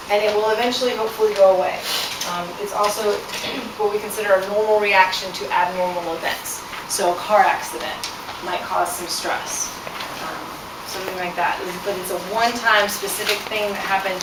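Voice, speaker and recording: Woman leading a classroom workshop, echoey and distant. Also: mid-range voice. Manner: conversational, many "um" fillers, asks the group questions. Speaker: workshop presenter. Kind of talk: explaining a stress workshop to students. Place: university classroom. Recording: echoey room, far from mic, loud background noise.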